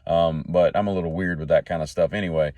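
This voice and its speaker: Man, solo show host, rambling and jokey, lowish voice, dry close sound. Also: steady tone, fast, warm tone, dry recording, lo-fi sound. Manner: jokey, tangent-jumping, folksy. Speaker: podcast host.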